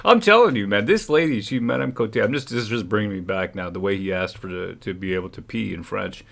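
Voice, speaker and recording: A man's voice: fairly low pitch, quick pace, gravelly, a bit bright. A man from Quebec hosting a casual livestream chat, laughing often, telling a story in silly voices and reading chat comments aloud. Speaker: livestream host.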